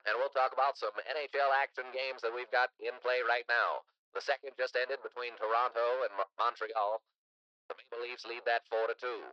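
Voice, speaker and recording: A man voicing an old-timey male radio sports announcer through a megaphone filter, reading scores briskly. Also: mid-range voice, fairly even intonation, sharp tone. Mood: announcing. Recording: muffled filtered lo-fi voice.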